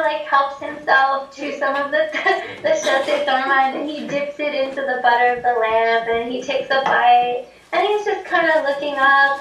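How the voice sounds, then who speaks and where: Her voice sits high and a bit bright as this Tibetan storyteller casually recounts a folk tale, chatting with lots of fillers and laughing often. There's a little hiss or hum, and the distant mic picks up an echoey room.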